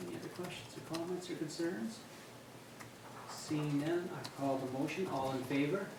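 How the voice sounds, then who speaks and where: A man's voice: on the high side, moderate pace, gravelly. A man chairing a council meeting, reading motions and calling on speakers in a procedural tone. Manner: reads motions aloud in a procedural tone. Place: council chamber. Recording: echoey chamber, distant mic, background noise.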